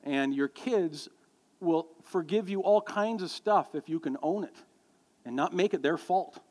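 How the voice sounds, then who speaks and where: A man's voice: a little high, unhurried. A middle-aged male pastor preaching a sermon, telling stories and joking with the congregation. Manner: storytelling, animated, jokes with the congregation. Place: church sanctuary. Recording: long hall reverb.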